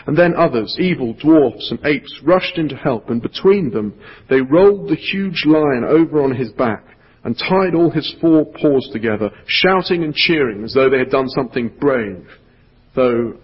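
Husky-voiced male pastor preaching. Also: mid-range voice. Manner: earnest, dropping to a hushed voice for emphasis. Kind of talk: sermon with storybook reading. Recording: echoey hall, dull lo-fi sound.

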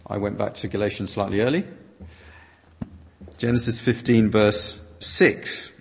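A man's voice: lowish voice, fairly even intonation, a little slow, creaky, a little hiss or hum. A man preaching a sermon that is interpreted line by line, reading his quotations out dramatically. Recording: long reverb of a large hall.

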